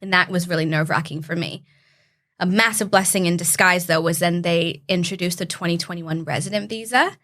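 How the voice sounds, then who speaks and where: A woman's voice: on the low side, brisk, a bit bright. A young woman from Canada, a podcast guest telling her story in an earnest, heartfelt way. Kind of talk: casual interview chat.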